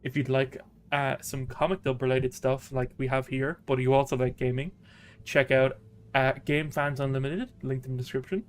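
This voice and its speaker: A man's voice: mid-range voice, level tone, moderate pace, slight background noise. A man hosting a casual let's-play stream, joking, laughing often and drifting into rambling tangents. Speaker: gaming channel host.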